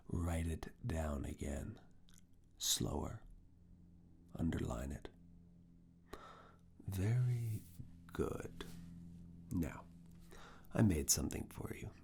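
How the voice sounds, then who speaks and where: A creator in a whispered role-play as a university professor, coaxing and quietly commanding, close to the mic. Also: a bass voice, a little hiss or hum. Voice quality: breathy whisper. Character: teasing university professor giving private review. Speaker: ASMR roleplay creator.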